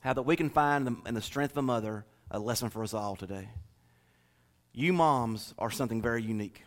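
A man's voice: medium pitch, fairly quick. A middle-aged man preaching a sermon in a folksy, joking way, speaking straight to the congregation. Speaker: pastor.

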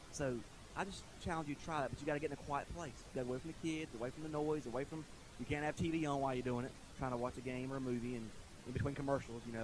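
A middle-aged man preaching a casual sermon in a church, folksy and conversational, chuckling often and rising to loud emphatic bursts. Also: mid-range voice, slight background noise, rough recording. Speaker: pastor. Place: church sanctuary.

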